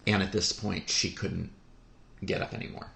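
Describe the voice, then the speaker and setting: A man telling a personal story on a podcast, speaking in a halting, heartfelt way with many pauses. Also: low voice, steady tone, vocal fry, fairly bright tone. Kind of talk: podcast conversation. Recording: roomy echo.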